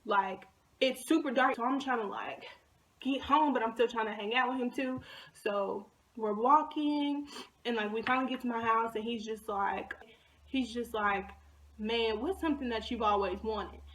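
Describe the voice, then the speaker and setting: A young woman vlogger telling a personal story in a casual, slangy way, acting out her own past lines and dropping into hushed asides. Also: on the high side, moderate pace, slight background noise. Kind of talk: storytime vlog.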